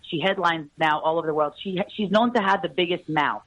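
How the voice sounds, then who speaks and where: A woman comedian with a raspy voice, chatting quickly and telling stories as a podcast guest. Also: fairly low pitch, fairly bright tone, dry recording, poor audio. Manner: fast chatty storytelling, plugging shows. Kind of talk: casual podcast chat.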